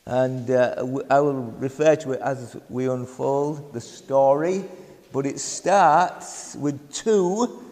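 A Yorkshire man preaches at a measured, unhurried pace, stumbling through ums, uhs and repeated words as he gathers his thoughts. His voice sits a little high for a man. The sermon rings with the long reverb of a church hall. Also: a little mellow. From England.

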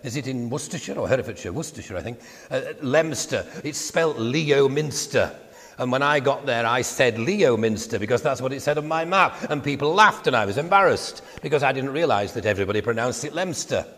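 An older man with a Yorkshire accent telling wry anecdotes in a relaxed Christian talk. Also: mid-range voice, fast talker. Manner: wry, storytelling. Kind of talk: anecdotal monologue. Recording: echoey room with long reverb.

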